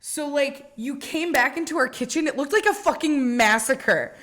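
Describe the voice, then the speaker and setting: A woman's voice: high voice, normal speed, fairly bright tone. A young woman co-hosting a podcast, telling rambling stories in casual chat, swearing and laughing often. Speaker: podcast co-host.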